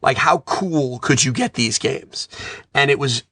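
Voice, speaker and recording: Man, 30s, animated casual storyteller; bright tone. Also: medium pitch, a little slow, no room sound, studio quality. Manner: animated storyteller, self-described nerd. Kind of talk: casual chat.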